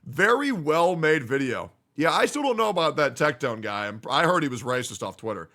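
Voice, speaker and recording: Bright-voiced joking male streamer. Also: big pitch swings, a little fast. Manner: joking, profane, reads viewer comments aloud; swings between loud hype and low mumbling. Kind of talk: casual livestream reaction chat.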